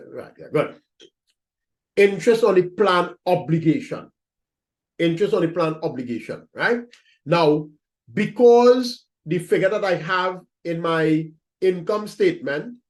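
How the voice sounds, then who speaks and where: A man teaching accounting in a recorded lecture, talking students through entries step by step, repeating his points and checking in with "right?". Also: a little high. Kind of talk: screen-recorded lecture walkthrough.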